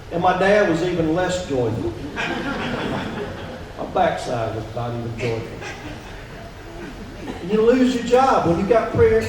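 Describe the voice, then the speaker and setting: A man's voice: high-pitched, background noise. A man preaching a sermon as pastor, talking conversationally and often asking the congregation questions. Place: church sanctuary. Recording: echoey church hall from a distance.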